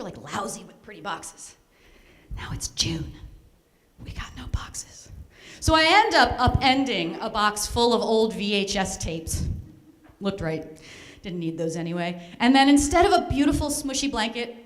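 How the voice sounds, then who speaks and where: Animated woman telling a comic story. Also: on the high side. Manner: animated, self-mocking, playfully dramatic. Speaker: speaker at a charity fundraiser. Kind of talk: comic personal storytelling on stage. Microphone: handheld or stand microphone.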